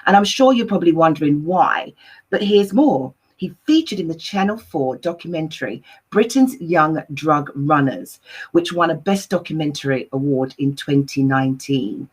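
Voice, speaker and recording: Effusive, husky-voiced talk show host. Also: medium pitch, animated, normal speed. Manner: chatty and effusive, rambling. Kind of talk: lively live-stream chat.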